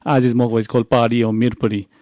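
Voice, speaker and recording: A man's voice: mid-range voice, level tone, quick pace, lo-fi sound, over a noisy crowd. A man co-hosting a radio show, chatting in an easygoing, conversational way. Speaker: radio co-host. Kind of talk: radio interview. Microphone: radio studio microphone.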